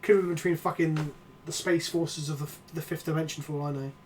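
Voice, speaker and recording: Male card-game streamer, casual and crude, bursts of excitement, slight background noise. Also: fairly high pitch, quick pace. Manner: swearing, joking, excitable outbursts.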